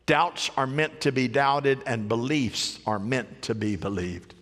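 A man's voice: measured pace, hardly any pauses. Man preaching a dramatic sermon, hall reverb. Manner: dramatic swings between loud rising cries and low hushed phrases.

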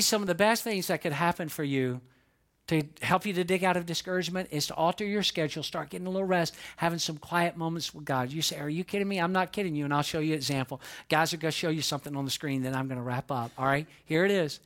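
A middle-aged pastor preaching a sermon, animated, acting out quoted voices and repeating words for emphasis. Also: male voice, fairly high pitch, fast talker.

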